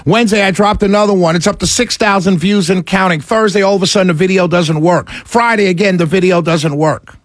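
A high-pitched man hosts live talk radio, excitable and frustrated, swinging between heated rants and talking himself back down. He speaks a little fast with few pauses, and his voice sits close and dry on the mic with no echo or room sound.

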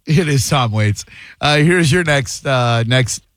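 Man, radio quiz host, playful banter, lively pitch. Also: slight background noise. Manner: playful, quick quizmaster banter.

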